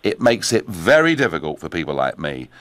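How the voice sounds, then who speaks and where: A British man hosts a talk radio phone-in, his pitch rising and falling a great deal as he presses each point. He is emphatic and forceful, and his studio mic sounds dry and close. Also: brisk, no room sound. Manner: forceful, emphatic, lively delivery. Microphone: studio microphone.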